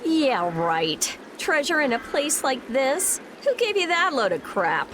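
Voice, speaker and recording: An actress playing a sharp-tongued, sarcastic young woman in a video game. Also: high voice, very animated, unhurried, heavy background noise. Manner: sarcastic, blunt.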